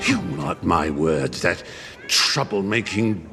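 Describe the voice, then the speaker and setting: A pompous, grumbling miser ruler over loud film music. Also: male voice, deep voice, very animated, slow pace, exaggerated voice. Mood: scornful. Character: curmudgeonly cowardly miser ruling a town, older man. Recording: film clip with loud score.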